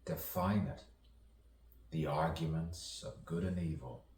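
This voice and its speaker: In a spacious, echoing room and well away from the mic, a poet with a remarkably low, slightly mellow voice works through a rambling soliloquy, phrases repeating in slow loops. A faint hiss sits in the background.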